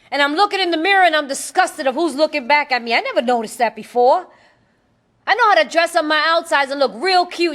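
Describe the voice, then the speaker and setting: A woman speaks at a recovery meeting, telling her story bluntly in streetwise talk. Her voice sits high, and she laughs often between lines. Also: fairly bright tone. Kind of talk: personal testimony talk.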